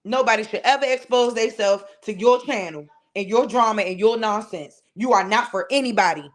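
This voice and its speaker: A fiery woman with a D.C. tears into someone on her live stream. Her voice sits a bit high and flies higher when she yells. The talk is profane and cutting, with sudden shouts. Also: brisk. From Washington, D.C. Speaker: channel host ranting on a live stream. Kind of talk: heated live-stream rant.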